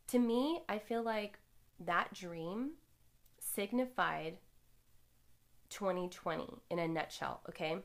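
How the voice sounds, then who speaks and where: Young woman host rambling thru a personal story, kinda low voice, candid, swears a bit. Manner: candid, animated, swears casually.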